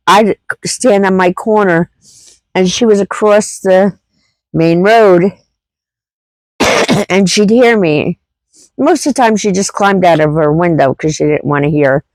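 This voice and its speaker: A woman's voice: fairly low pitch, no echo, rough recording. A middle-aged woman vlogger telling a personal story in a rambling, heartfelt way, full of fillers and restarts. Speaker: homesteading vlogger.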